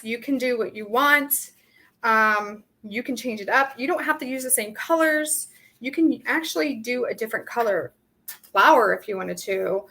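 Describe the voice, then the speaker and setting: Slow, chatty woman teaching a craft. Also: fairly high pitch, bright, forceful tone. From Southern California. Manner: chatty, rambling, thinks aloud with many ums. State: dry throat. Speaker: craft workshop host. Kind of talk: casual live painting tutorial.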